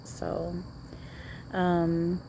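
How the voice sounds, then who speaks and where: A woman's voice: on the low side, monotone, extremely slow, warm tone, a little hiss or hum. A woman talking outdoors in a channeling vlog, hesitant and reassuring, often repeating herself. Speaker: spiritual channeler.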